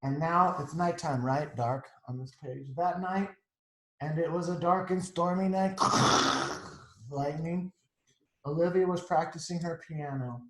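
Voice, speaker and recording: A man's voice: a little high, unhurried, roomy sound, a little hiss or hum, low-quality recording. A man reading a picture book aloud to children, chatting about the pictures as he goes. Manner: chatty, adds asides to the pictures. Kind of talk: storytime read-aloud.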